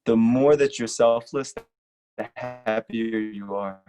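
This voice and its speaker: A rabbi giving an earnest, emphatic lecture and repeating short lines for stress. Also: male voice, medium pitch, slow, mellow, faint music behind. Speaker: rabbi teaching a class. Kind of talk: earnest sermon-style lecture.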